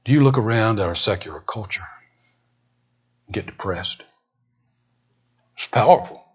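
A male preacher delivering a dramatic sermon, swinging from loud emphatic peaks down to hushed near-whispers. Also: fairly low pitch, animated, moderate pace, husky. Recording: dull lo-fi sound.

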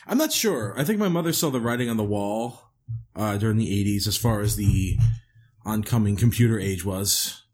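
A man being interviewed as a guest on a casual podcast, answering with dry, deadpan jokes. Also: fairly low pitch, moderate pace. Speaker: podcast guest, cast member.

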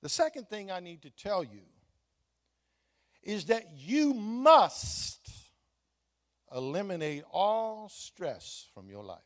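A man's voice: sits high, big pitch swings, slow, long pauses, full character voice. A man voicing an earnest male doctor who insists on firm advice, in a sermon. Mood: insistent.

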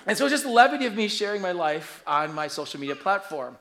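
A man in his forties preaching a sermon, telling stories in an animated, humorous way. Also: high voice, fast talker. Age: 40s. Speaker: pastor.

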